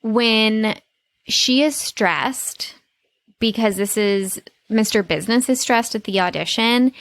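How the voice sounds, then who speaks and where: A woman's voice: mid-range voice, dry recording. A woman co-hosting a podcast in casual chat, upbeat and eager to share fun facts. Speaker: podcast co-host.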